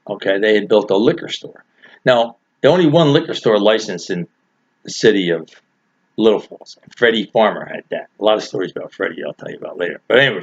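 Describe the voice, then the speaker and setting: A man's voice: lowish voice, breathy edge. Older guy telling an old story, chuckles a lot, voice swings all over, kinda muffled lo-fi sound. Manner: rambling, chuckling, folksy. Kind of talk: casual spoken anecdote. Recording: dull lo-fi recording.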